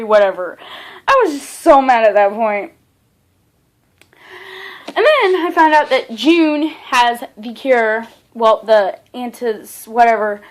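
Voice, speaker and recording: A young woman reviewing a novel in a casual vlog, gushing and excitable, full of fillers and restarts. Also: sits high. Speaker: book reviewer.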